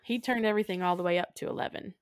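A woman's voice: lowish voice, rapid-fire, clean tone, no echo, clean studio sound. A woman co-hosting a casual podcast, retelling a movie's plot with playful acted-out quotes. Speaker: podcast co-host. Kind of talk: casual film recap chat.

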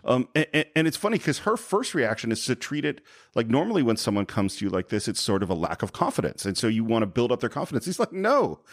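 A man co-hosts a film podcast, chatting casually and acting out lines from the movie. His voice swings lively in pitch. The sound is dry and close. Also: fast talker, hardly any pauses, dry recording. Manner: animated, acts out quotes. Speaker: podcast co-host.

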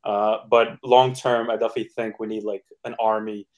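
A man in a casual podcast interview, speaking in a relaxed, upbeat way with lots of "uh" and "like". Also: lowish voice, a little fast. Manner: relaxed, filler-heavy, upbeat. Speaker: NFT project co-founder guest.

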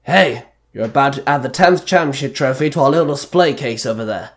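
A jovial old alley owner booms his praise with a chuckle, as a man puts him on. This is a fan audiobook read by one man. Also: fairly quick, close to an everyday voice. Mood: hearty. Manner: chuckling, hearty. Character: jovial older bowling alley owner, male.

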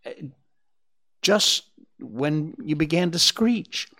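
A man voicing a gentle, hesitant young deer. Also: fairly high pitch, lively intonation, slow, voice pushed up, full character voice.

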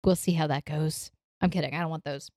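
A woman's voice: deep voice, steady tone, fairly quick, darkish tone, no echo, clean studio sound. A woman playing a tabletop game, casual and playful. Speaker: player.

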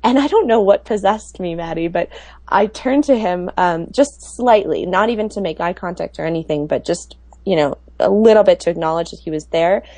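A woman with a low, gravelly voice tells travel stories in a relaxed, chatty way, full of fillers. Her voice sounds dry and close to the mic. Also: moderate pace, no room sound. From United States. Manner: chatty storyteller, many fillers. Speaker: guest telling travel stories. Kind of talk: casual podcast chat.

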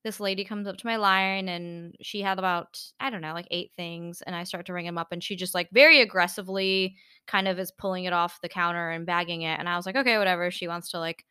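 Bright, chatty young woman. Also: fairly low pitch, fairly even intonation, quick pace, hardly any pauses, smooth, no echo, studio quality. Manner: chatty storyteller, many fillers. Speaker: podcast co-host. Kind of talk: casual chat.

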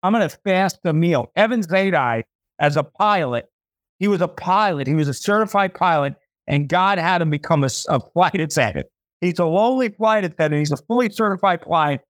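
A man's voice: high voice, no room sound. Man, podcast host, fervent faith talk, preachy, repeats himself, dry close sound. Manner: voices imagined listeners.

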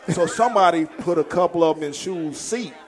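A man, a former football player, telling stories in a casual chat, laughing often and acting out a coach's shouted outbursts. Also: a little high, a little fast.

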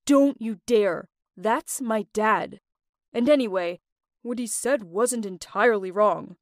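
A young boyfriend played by a woman answers defensively and brushes off concerns. The voice is slightly lowered and recorded dry and close. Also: animated, moderate pace, no room sound, close to an everyday voice. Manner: defensive, dismissive.

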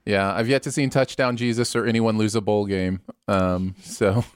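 A man's voice: on the low side, fairly even intonation, moderate pace, clean tone, no echo, studio quality. A man hosting a casual podcast chat, laughing often as he talks. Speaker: podcast host.

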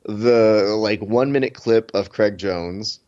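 Male podcast host, lower voice, slightly dull recording, sarcastic joker in casual chat. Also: slow, a little mellow. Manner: sarcastic, joking, rambling asides.

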